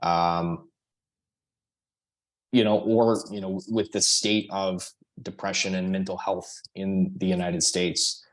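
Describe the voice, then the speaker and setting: A man speaking as a podcast guest, earnest and halting, with many fillers. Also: deep voice, level tone. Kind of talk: casual conversation.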